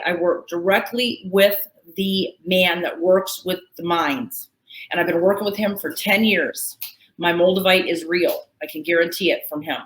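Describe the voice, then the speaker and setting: A woman's voice: on the low side, a bit bright. Chatty woman host in an echoey room. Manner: chatty, folksy, with restarts. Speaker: host selling crystals. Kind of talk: live sales show chat.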